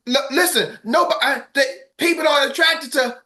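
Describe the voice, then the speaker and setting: A man's voice: very high-pitched, fairly quick, hardly any pauses, pushed and bright. A middle-aged man coaching his sales team on a morning call, fired-up and preachy, calling out to the group.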